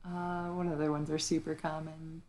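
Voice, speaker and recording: Young woman co-host, lowish voice, rambling casual talk full of restarts. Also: level tone, normal speed, mellow, a little hiss or hum. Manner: rambling, many fillers and restarts. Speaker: podcast co-host. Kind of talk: casual chat.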